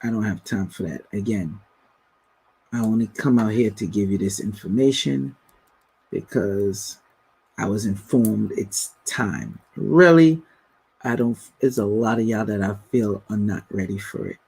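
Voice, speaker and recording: Male livestream host, slow and husky, casual storytelling. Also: on the low side, a little mellow, low-quality recording. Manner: slow, storytelling, reads out viewer comments. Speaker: livestream host answering viewer questions. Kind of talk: casual spiritual livestream talk.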